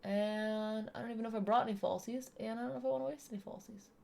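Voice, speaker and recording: A woman's voice: a little high, steady tone, fast, gravelly, mellow. A woman chatting casually while she does her makeup, explaining each step as she goes. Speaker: streamer doing makeup. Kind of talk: casual makeup tutorial chat.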